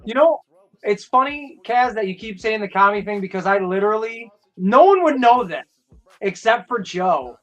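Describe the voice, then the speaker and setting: A man hosting a casual livestream chat, crude and joking, with quick asides. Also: high-pitched, lively intonation, a bit bright, muffled recording. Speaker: host.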